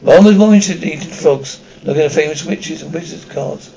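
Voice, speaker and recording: A man's voice: fairly high pitch, fairly quick, vocal fry, mellow, dull audio. A man reading a children's novel aloud, stumbling and restarting words often. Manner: reads with frequent slips and restarts. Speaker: audiobook reader.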